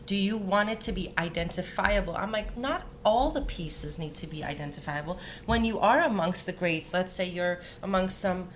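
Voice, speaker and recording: A woman's voice: fairly low pitch, animated, moderate pace, hardly any pauses, slight background noise. A woman from Denmark, a jewelry designer, chatting in an interview and telling anecdotes with quoted dialogue. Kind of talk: conversational interview.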